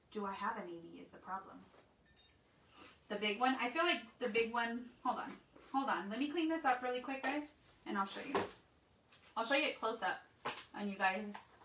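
A chatty woman runs a casual craft livestream, calling her viewers "guys" and answering their comments. Her voice is bright and forceful and sits a bit above the usual pitch. She sounds a little away from the mic in a roomy space with faint noise behind. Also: recorded from a distance. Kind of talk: casual live craft demo, reading comments.

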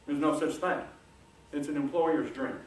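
A middle-aged man giving a folksy, animated motivational talk to a room, coaxing the audience along. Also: fairly high pitch, moderate pace. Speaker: guest speaker. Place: large lecture room. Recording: echoey room, distant mic, faint hiss.

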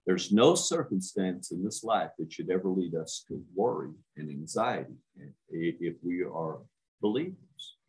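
Deep-voiced man preaching with emphatic repetition. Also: lively intonation, measured pace, darkish tone, rough recording. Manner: emphatic, repeats words for stress; addresses listeners with direct questions. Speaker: minister. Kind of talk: sermon.

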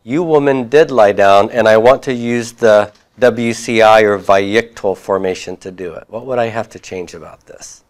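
Guy teacher going over homework, keeps asking the class questions, chuckles now and then, lowish voice. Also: normal speed, hardly any pauses. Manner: questioning, prompts students for answers; lively, with occasional chuckles.

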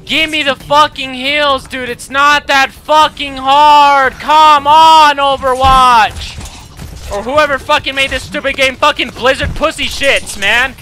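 A young man shouting, swearing and raging over an online match while commenting on his gameplay, his voice cracking from yelling. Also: very high-pitched, fairly even intonation, unhurried, faint music behind. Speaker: gaming YouTuber. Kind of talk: angry live gameplay commentary.

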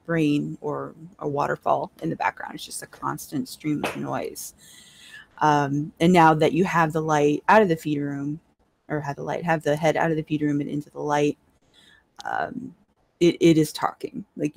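Gravelly-voiced woman running a tabletop game. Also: sits low. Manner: laid-back, descriptive, laughs often. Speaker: dungeon master.

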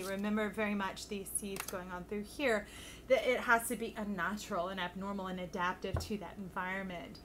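A chatty woman talks her viewers through a tarot spread in a casual, affectionate way. Her voice sits in an ordinary middle pitch, and she often breaks into laughter. A faint hum of room ambience sits under her voice. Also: fairly bright tone. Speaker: tarot reader. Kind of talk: casual tarot reading to camera.

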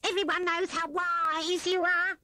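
A woman voicing a thin, hungry male rat who whines and pleads in a high voice. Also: level tone, a little slow, bright, forceful tone, no room sound, clean studio sound, full character voice. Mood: whining. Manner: whining, high and squealing.

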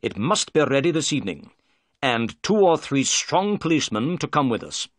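A man's voice: medium pitch, very animated, moderate pace, no room sound, studio quality, voice pushed up, natural voice. A man doing a firm, commanding detective. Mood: confident. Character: confident brisk male detective.

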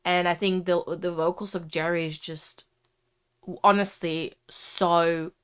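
Woman, young adult, low-pitched, smooth clear voice, chatty heartfelt reaction commentary. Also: fairly even intonation, slow pace. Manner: chatty, heartfelt, frequent "like" fillers. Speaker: music reaction vlogger.

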